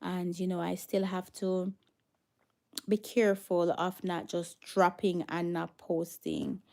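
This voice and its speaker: A woman's voice: fairly low pitch, animated, takes it slowly, creaky, a little mellow. A Jamaican woman hosting a casual livestream, chatting with viewers and slipping into patois. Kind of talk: casual livestream chat, reading viewer comments.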